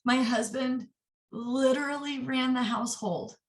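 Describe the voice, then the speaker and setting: A woman in her twenties, an interview guest, sharing a personal story candidly and earnestly, in quick bursts. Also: sits high, steady tone. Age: 20s. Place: office. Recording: roomy echo, distant mic.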